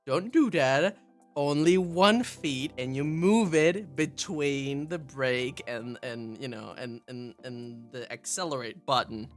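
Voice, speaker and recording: A streamer quoting a calm driving instructor. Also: medium pitch, soft background music, voice pushed down, close to an everyday voice. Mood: patient. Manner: quiet, coaxing, deliberate.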